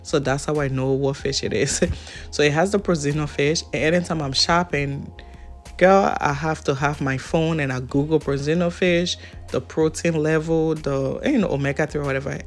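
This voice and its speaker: A woman's voice: deep voice, steady tone, normal speed, faint music behind. A woman from Africa with an African accent, chatting casually to her viewers in a vlog and laughing often. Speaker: vlogger.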